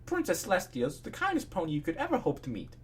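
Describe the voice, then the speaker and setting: Male reader doing a gentle, jittery pony doctor: husky, raised pitch, polite storybook voice. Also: huge pitch swings, quick pace, full character voice. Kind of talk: fan fiction read aloud.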